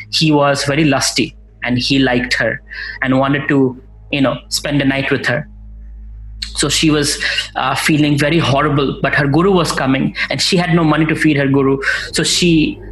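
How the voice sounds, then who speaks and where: A man giving a spiritual talk and telling a story, speaking in a halting way with many fillers and restarts. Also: medium pitch, a bit bright, echoey room, poor audio. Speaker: spiritual teacher.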